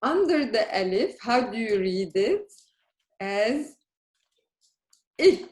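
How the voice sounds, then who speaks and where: A woman teaching a beginners' language class, speaking slowly and carefully. She keeps checking in with her students, and the room around her rings with echo. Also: on the high side, big pitch swings, a little mellow. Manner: patient, questioning, checks understanding often. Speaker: Arabic teacher. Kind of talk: live beginner language lesson. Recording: echoey room.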